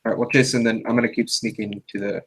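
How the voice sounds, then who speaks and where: Husky-voiced joking male player. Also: lowish voice, little pitch movement, fast talker, a bit bright, poor audio. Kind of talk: casual tabletop game chat.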